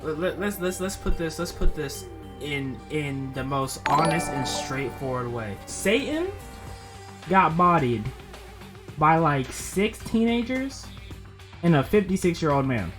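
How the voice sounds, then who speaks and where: A woman's voice: deep voice, very animated, measured pace, over music. A woman co-hosting with comedic commentary, riffing exclamatorily with slang and laughter. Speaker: co-host.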